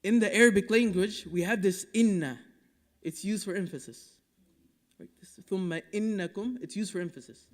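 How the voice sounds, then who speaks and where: A man from Dallas giving a Friday sermon as imam, impassioned and rhetorical, rising to loud urging and dropping to hushed asides, reciting Quranic Arabic quickly between English explanations. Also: high voice. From Dallas, Texas. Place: mosque prayer hall. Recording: long reverb of a mosque hall.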